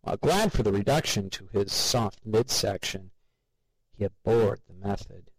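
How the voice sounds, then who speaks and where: A man narrating an audiobook in a measured, wry way. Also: mid-range voice, no echo, poor audio.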